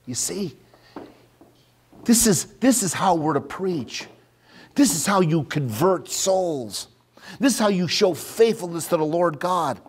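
A man preaching a sermon, reading scripture aloud and swinging between loud emphatic declaration and hushed, near-whispered asides. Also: high-pitched, animated, unhurried, husky.

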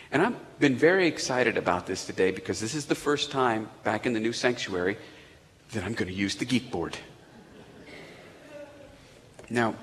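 A male pastor preaching in a large church sanctuary, his voice trailing off into a long hall echo. He tells the story with flair, swinging from loud emphasis down to hushed near-whispers. His voice sits at a middle pitch. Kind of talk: sermon.

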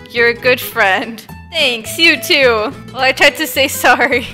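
This gaming YouTuber is a young woman whose high-pitched voice is pushed, bright, and a little slow. She giggles frequently while playing on camera and talking with fellow players, with faint game music behind her.

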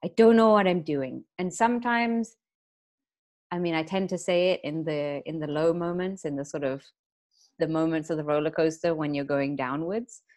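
A young adult woman co-hosting a casual podcast, telling stories in a chatty way with quick asides. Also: low voice, a little mellow. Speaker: podcast co-host.

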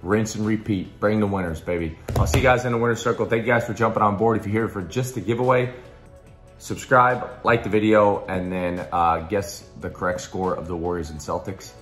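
A man with a very low voice makes a hyped, pushy pitch for his betting picks. His voice is a little hoarse, and he talks loosely, with plenty of fillers and restarts. Faint music plays underneath. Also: fairly even intonation, fairly quick. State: slightly hoarse. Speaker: sports betting tipster. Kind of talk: casual promotional pitch.

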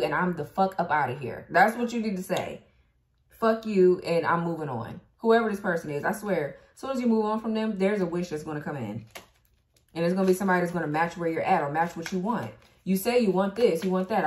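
Woman, tarot reader, blunt and cursing, low voice, echoey room. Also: darkish tone. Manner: blunt and profane, laughing, talking back to the cards. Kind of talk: casual tarot reading monologue.

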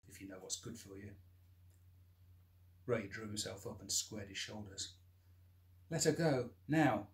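Male author reading his novel, measured and expressive. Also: mid-range voice. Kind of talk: audiobook-style scripted narration.

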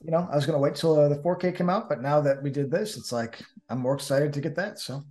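Animated co-host with a Jersey accent, slightly high voice, casual talk. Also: male voice, quick pace, soft background music. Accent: New Jersey. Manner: animated, chatty, lots of restarts. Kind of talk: casual podcast chat.

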